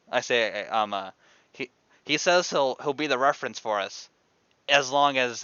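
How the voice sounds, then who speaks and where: A man's voice: mid-range voice, bright, forceful tone, clear, resonant tone, dry recording, dull audio. A man playing in a tabletop game, chatting casually and stammering often. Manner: stammering, laughing easily. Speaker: player. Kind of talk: casual tabletop role-play.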